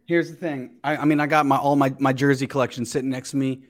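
A man chatting casually on a podcast, an animated storyteller who swears freely. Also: medium pitch, fast talker. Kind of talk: casual chat.

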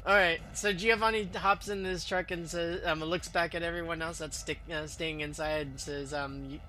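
A man's voice: fairly high pitch, fairly even intonation, normal speed, pushed and bright. A man narrating as game master of a tabletop game in a rambling way, full of fillers and restarts.

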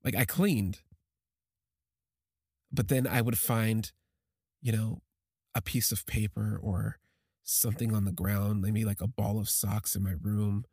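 A man with a lowish, slightly husky voice recounts a personal story. He speaks haltingly and with emotion, often restarting his sentences. The sound is close and dry, with no room around it. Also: little pitch movement, darkish tone, no room sound. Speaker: podcast storyteller.

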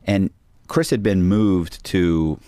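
Middle aged guy rambling thru a story on a podcast, deep voice, dry mic, keeps restarting. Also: slow, dark tone, no room sound. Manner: rambling, restarts, acts out quoted dialogue. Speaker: podcast guest. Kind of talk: casual storytelling.

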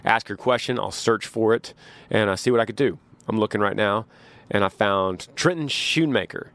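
A man hosts a podcast, spinning rambling, folksy stories full of restarts. His voice sits low, and it is recorded dry and close with no room sound. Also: normal speed, a bit bright, no room sound. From Texas. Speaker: podcast host. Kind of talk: casual storytelling.

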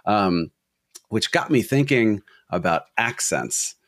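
A man's voice: on the low side, expressive, slow pace, fairly bright tone, no room sound, clean studio sound. A man co-hosting a film podcast, talking casually in a wry, rambling, analytical way. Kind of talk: casual discussion.

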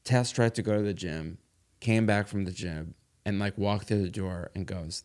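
A man's voice: sits low, normal speed, a little mellow. A middle-aged man chatting casually as a podcast guest, telling a long story with many fillers and restarts. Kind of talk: casual chat.

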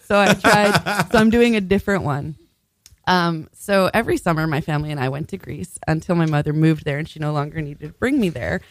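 A tipsy woman telling a story in a loose, giggly, animated way. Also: sits low, brisk, no room sound. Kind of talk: casual storytelling chat.

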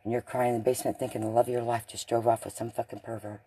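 A man giving a blunt, profane, emotional monologue addressed to others, swinging between loud and hushed. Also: mid-range voice, level tone, rapid-fire, slightly rough. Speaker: speaker in a recorded video message.

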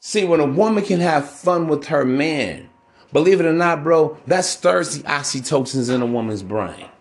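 A man's voice: fairly high pitch, lively intonation, moderate pace. A man hosting a podcast, giving relationship advice in a casual, profane, preachy monologue that keeps calling his listeners bro. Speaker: podcast host.

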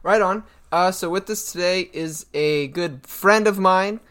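A man's voice: high-pitched, a little slow, fairly bright tone. A young man co-hosting a podcast, telling stories in a chatty way and laughing often. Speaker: podcast co-host. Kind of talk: casual chat.

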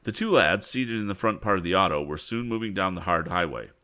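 A man's voice: sits low, animated, fairly quick, bright, forceful tone. A man reading an old adventure story aloud, breaking off for chatty asides. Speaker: reader.

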